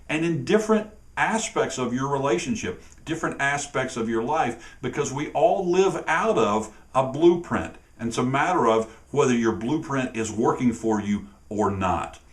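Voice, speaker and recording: A man, a relationship coach co-hosting with his wife, talking earnestly to camera in a casual, conversational way. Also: medium pitch.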